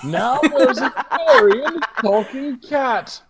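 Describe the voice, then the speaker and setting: A man's voice: very high-pitched, huge pitch swings, slow pace, a crowd in the background. A man running a tabletop game as game master, narrating with frequent laughter. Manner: giggly, amused narration.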